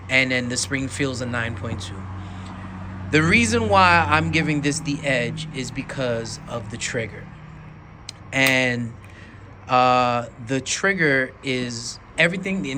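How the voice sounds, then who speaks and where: Guy talking slow about his pistols, bright voice, gets real quiet on the trigger pulls, faint hum behind. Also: mid-range voice. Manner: enthusiastic, rambling with restarts; drops to a near whisper during slow trigger pulls. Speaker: gun reviewer. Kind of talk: casual product demo.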